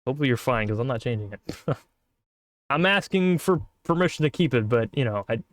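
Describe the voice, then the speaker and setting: A man streaming a game, reacting in excitable, casual talk with swearing and stammers. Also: medium pitch, a little fast, dry recording, studio quality. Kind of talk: casual gaming commentary.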